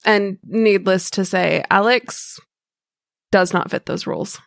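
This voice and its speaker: A woman playing a tabletop role-playing game, unhurried and sardonic. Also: medium pitch, vocal fry, no echo, studio quality. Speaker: player. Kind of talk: tabletop role-play, in and out of character.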